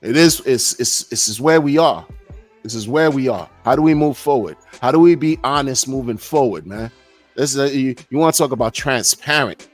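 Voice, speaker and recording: A middle-aged man hosts a live podcast in a medium-pitched voice at normal speed. His talk is loose, casual live-stream rambling, stuffed with "man" and "you know," over soft background music.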